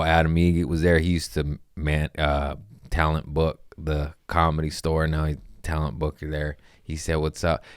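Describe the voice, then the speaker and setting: A young adult comedian hosting a podcast tells stories in a casual monologue, animated, profane and self-mocking with quick laughs. His low-pitched voice is clean with no echo, in clean studio sound.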